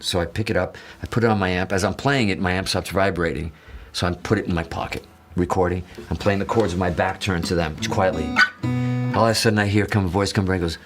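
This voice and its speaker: A man from the Azores telling an excited, rambling story as a guitarist guest, swearing and acting out quotes. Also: low-pitched, quick pace, soft background music. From Azores, Portugal. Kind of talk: animated storytelling in an interview.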